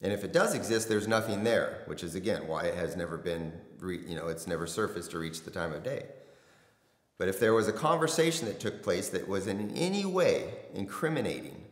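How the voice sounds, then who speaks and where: Low-voiced man in an echoey room. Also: lively intonation, a little fast. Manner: conversational recounting, blunt with occasional profanity. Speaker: former detective, interview guest. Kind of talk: casual storytelling interview. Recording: echoey room with long reverb.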